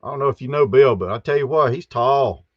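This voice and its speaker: A man's voice: medium pitch, fast, no echo, highs cut off. A man hosting a live stream, greeting chat viewers one by one in a folksy way. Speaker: host.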